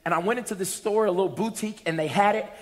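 A man with a high voice preaches a sermon in a church. He tells stories and builds to shouted, sing-song lines. His voice rings out with a long hall reverb. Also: racing.

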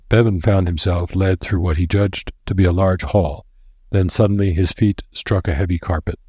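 A man reading a story aloud in a steady, measured narration. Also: low-pitched, breathy edge, no room sound. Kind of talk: scripted narration. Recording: dry close recording.

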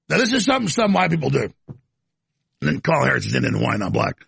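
A man's voice: mid-range voice, very animated, quick pace, fairly bright tone, no room sound. A man hosting a live talk show, ranting in heated, rambling commentary with stammering restarts. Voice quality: gravelly. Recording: live studio broadcast.

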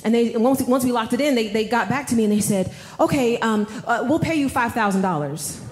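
A woman preaching a sermon, telling a personal story with animated delivery and calling the audience y'all. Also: fairly high pitch, a little fast, reverberant.

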